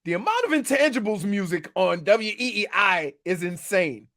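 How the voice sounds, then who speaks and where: A man's voice: high-pitched, sing-song, normal speed, fairly bright tone. A man co-hosting a sports radio show, telling jokey stories in casual banter and laughing at his own lines.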